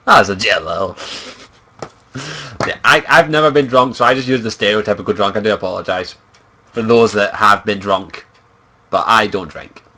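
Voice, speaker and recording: A man's voice: fairly low pitch, normal speed, pauses often, pushed and bright. A young man from Scotland, a streamer chatting casually in a profane, giggly, rambling way. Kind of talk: casual livestream chat.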